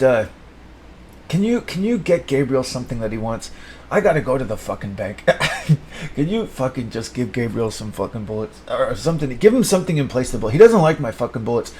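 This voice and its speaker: A man improvising an absurd, profanity-laced comedy monologue, rambling and swinging between mumbles and sudden shouts. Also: mid-range voice, expressive, brisk, slight background noise.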